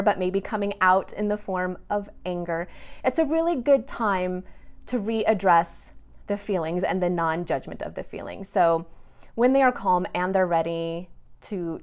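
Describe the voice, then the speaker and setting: A woman in her thirties, a parenting coach, talking in a gentle, earnest way with small restarts as she gives advice. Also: mid-range voice. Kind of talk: casual advice talk to camera.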